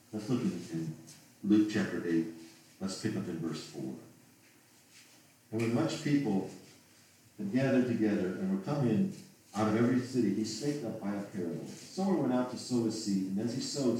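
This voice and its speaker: A man with a fairly low, warm voice preaches a sermon, reading King James scripture aloud and then asking pleading rhetorical questions. A distant mic gives the recording a roomy echo, and there is slight background noise.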